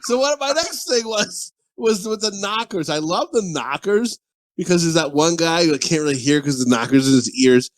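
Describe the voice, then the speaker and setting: A man co-hosting a comedy podcast, with a voice a little higher than most men's. He rambles through crude, profane stories. His talk is packed with "like" and loose restarts. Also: lively intonation, normal speed. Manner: rambling, profane, full of fillers and laughter. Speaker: podcast co-host. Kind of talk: casual crude comedy chat.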